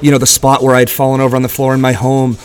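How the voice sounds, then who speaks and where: A man's voice: mid-range voice, monotone, quick pace, clean tone. A young man co-hosting a casual motivational podcast from a gym, earnest and encouraging, swearing casually as he talks. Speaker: podcast co-host.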